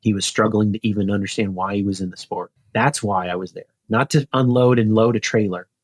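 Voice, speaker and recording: A man's voice: lowish voice, fairly quick, no room sound, studio quality. A man in his forties, a guest on a podcast, telling a story casually and acting out the dialogue by lifting his voice. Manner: animated, acts out dialogue in a raised voice. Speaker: podcast guest, retired pro cyclist.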